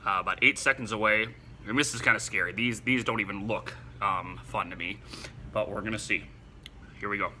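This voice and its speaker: A man with a very bright, forceful voice talks to camera in halting bursts, his eyes watering and his nose running from the heat. A faint hiss of noise sits behind him. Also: fairly low pitch, steady tone. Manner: halting, breathless exclamations between short remarks. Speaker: vlogger doing a spicy food challenge. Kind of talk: casual on-camera commentary.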